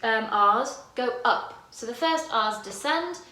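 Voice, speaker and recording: Her voice sits on the high side, animated and sharp, and she takes things slowly in a reverberant space. As a choir director with a tired voice today, she demonstrates the lines by singing in head voice, talking freely and fixing her own mistakes.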